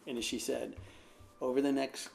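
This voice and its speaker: Gravelly-voiced American pastor telling a story. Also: male voice, medium pitch, steady tone, moderate pace, slight background noise. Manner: rambling anecdotal storyteller with many fillers. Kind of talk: casual storytelling.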